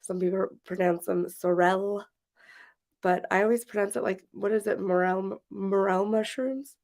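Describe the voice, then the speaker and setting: A woman's voice: medium pitch, fairly even intonation, moderate pace, gravelly, darkish tone. A woman from Washington State co-hosting a podcast livestream, chatting casually with frequent laughs and rambling restarts. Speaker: podcast co-host.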